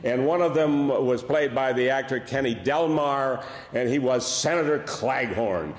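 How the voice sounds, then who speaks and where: Speaking a little slowly at a medium pitch, this older comedian from Buffalo, New York, with the local accent, delivers wry stories and dry punchlines. There's a bit of hiss or hum, and the large church hall makes the audio echoey with lengthy reverb.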